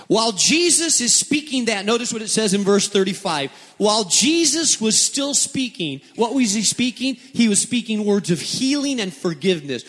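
Before a congregation in a church hall, a male pastor preaches a dramatic sermon, repeating phrases for emphasis. His voice is high-pitched, very animated, unhurried and fairly bright, with a long hall reverb on the recording.

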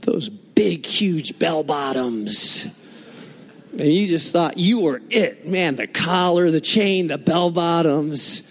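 A man preaching a sermon, explaining scripture and telling lively, humorous stories from his own life. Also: a little high, slow pace, long reverb tail. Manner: animated storytelling with humor. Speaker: pastor.

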